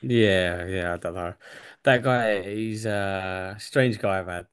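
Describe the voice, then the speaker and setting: Young English man, low voice, relaxed sweary chat, dead dry recording. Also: slow pace, clear, resonant tone, no echo. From England. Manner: relaxed, swears freely, laughs between thoughts. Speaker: UFC fighter guest. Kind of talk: casual interview chat.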